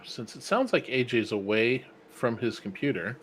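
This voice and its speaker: A man's voice: mid-range voice, expressive, normal speed, fairly bright tone, breathy edge. A man co-hosting a sim racing stream with playful, self-mocking casual banter.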